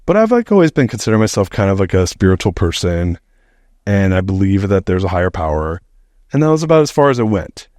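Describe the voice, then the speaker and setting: Middle-aged male podcast guest, deep and dry, loose profane storyteller. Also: a little fast, no room sound. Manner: animated, rambling, heavy use of "like", swears freely. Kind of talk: casual storytelling.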